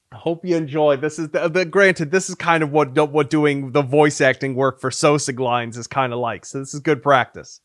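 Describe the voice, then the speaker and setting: Reading a long list of silly names for his game devlog, a man performs them playfully with theatrical swings, sometimes turning mock-dramatic. His voice is fairly high with lively intonation, and he speaks a little slowly. The studio-quality recording has no room sound.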